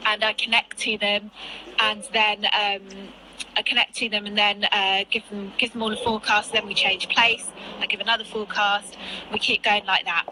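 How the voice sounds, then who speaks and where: A woman's voice: medium pitch, little pitch movement, normal speed, sharp tone, poor audio. Woman, 30s, weather presenter, casual chat, laughs easily, video call outdoors, faint traffic. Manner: chatty, laughs easily, restarts phrases. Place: outdoors outside a broadcasting building.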